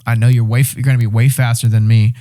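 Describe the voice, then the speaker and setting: A young man speaks as a podcast guest in a mellow, warm voice. His telling is animated, and he leans into a survival story with swearing, restarts and bursts of energy. The talk is casual and conversational. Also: mid-range voice, fast. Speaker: podcast guest, reality show winner.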